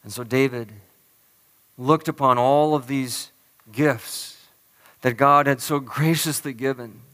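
A man preaching a sermon as a pastor, earnest and emphatic, stressing key phrases slowly. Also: mid-range voice, fairly even intonation, a bit bright, long reverb tail.

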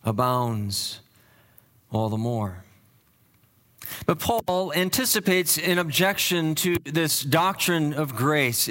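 Earnest pastor, slightly high voice. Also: male voice, a bit bright. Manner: earnest teaching tone with frequent restarts and fillers; drops low and slow for emphasis. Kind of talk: sermon.

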